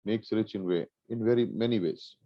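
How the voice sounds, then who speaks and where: A man's voice: on the low side, moderate pace, no echo. A man from India, a pastor teaching a Bible class in an earnest way, asking rhetorical questions and repeating phrases for emphasis. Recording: dull lo-fi dry recording.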